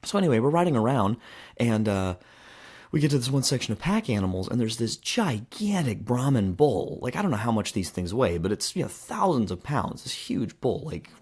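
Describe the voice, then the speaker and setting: A man's voice: medium pitch, sing-song, normal speed, darkish tone, husky. A man in his thirties hosting a podcast, telling a story in a casual, rambling way with lots of fillers and restarts. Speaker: podcast host. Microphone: handheld microphone.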